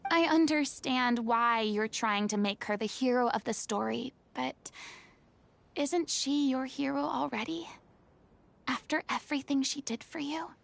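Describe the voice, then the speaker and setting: A woman's voice: high voice, a little slow, vocal fry. An actress playing a proud, theatrical young woman who lectures in a stern, commanding manner in a video game. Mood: earnest.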